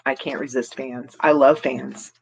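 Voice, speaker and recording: A woman's voice: a bass voice, fairly even intonation, unhurried, creaky, slight background noise. Chatty giggly woman live-streaming. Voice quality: giggly, laughs often between remarks. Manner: chatty and rambling, greets viewers by name. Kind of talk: casual live stream chat, reading comments.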